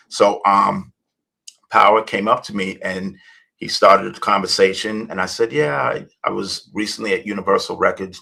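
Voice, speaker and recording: Deep gravelly-voiced man telling stories. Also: pushed and bright, rough recording. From United States. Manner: rambling, many fillers and restarts. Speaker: guest, hip-hop journalist. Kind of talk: storytelling interview.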